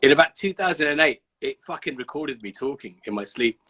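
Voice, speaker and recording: A man's voice: medium pitch, expressive, fairly quick, bright, forceful tone, husky. A man from Birmingham hosting a casual interview over a video call, chatty and blunt, swearing freely. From Birmingham, England. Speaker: host.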